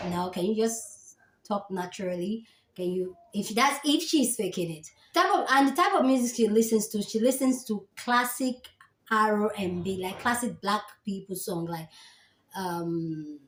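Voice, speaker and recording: A woman with a Nigerian accent, hosting a reaction video and calmly explaining her view in casual commentary. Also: mid-range voice, roomy sound. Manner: calm, explanatory, thinking aloud.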